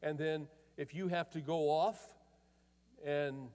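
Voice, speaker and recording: A middle-aged male pastor delivers a sermon as a conversational story, voicing both sides of an exchange. His voice sits a little high yet sounds mellow and warm. A long reverb hangs behind him, as in a large sanctuary. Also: fairly even intonation, slow pace. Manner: conversational storytelling with quoted dialogue.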